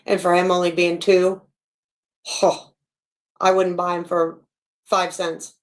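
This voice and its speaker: A woman's voice: fairly low pitch, flat delivery, slow. A woman hosts a casual stream and picks apart a video with blunt, scornful remarks. She talks plainly and swears now and then. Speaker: stream host reacting to a video. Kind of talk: critical commentary, casual.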